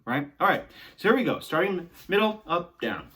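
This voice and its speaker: A man's voice: high-pitched, big pitch swings, normal speed, background noise. Young male voice teacher, encouraging, talks students through exercises. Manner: encouraging, talks along with exercises, often ends with "right?". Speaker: singing teacher. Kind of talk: guided vocal warm-up lesson.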